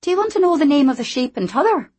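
A woman voicing a lively, teasing young woman who talks in a bright sing-song. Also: high voice, very fast, voice pushed up. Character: lively, cheeky young Scottish woman, playful.

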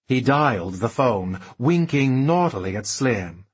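A man reads an audiobook in a measured, expressive way, slow and deliberate. His pitch moves a lot and his voice has a husky grain. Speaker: audiobook narrator. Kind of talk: scripted narration.

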